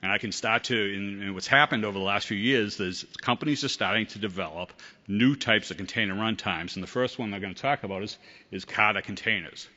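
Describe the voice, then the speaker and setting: A man's voice: on the low side, fairly quick, pushed and bright, lo-fi sound. A man with a Boston accent giving a casual technical conference talk, rambling with frequent ums and restarts. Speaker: conference speaker. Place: conference hall.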